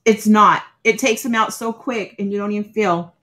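A woman guest telling stories on a video call, expressive and quick to laugh. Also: medium pitch. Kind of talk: live-stream chat.

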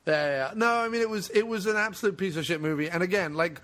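Excitable higher-voiced male podcast host. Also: fast. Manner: excitable, breaks into mocking put-on voices. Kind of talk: casual podcast chat.

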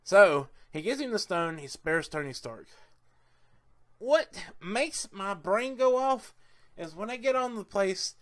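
Excitable rambling man reviewing a movie. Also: high-pitched, slow pace. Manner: enthusiastic, rambling with many "uh"s and "I mean"s; excitable and laughs easily. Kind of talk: casual movie review vlog.

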